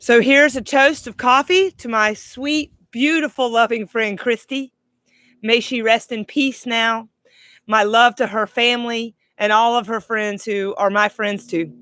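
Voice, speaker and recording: A middle-aged woman life coach giving a heartfelt, reflective monologue, slowing down for emphasis. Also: on the high side, steady tone, a bit bright, no echo. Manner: heartfelt, slow and emphatic in places. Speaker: life coach, podcast host.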